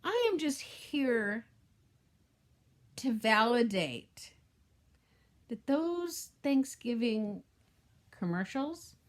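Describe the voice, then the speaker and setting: A woman's voice: a little high, very animated, very slow, long pauses. A middle-aged woman vlogging to camera in a heartfelt, rambling way that often trails off and restarts. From Southern California. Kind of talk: casual talk to camera.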